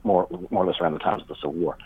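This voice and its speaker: A low-pitched, creaky male voice races along with wildly swooping pitch. He's a guest author and paranormal researcher rambling through a story in an interview, packed with fillers and acted-out quotes, all on dull lo-fi remote audio.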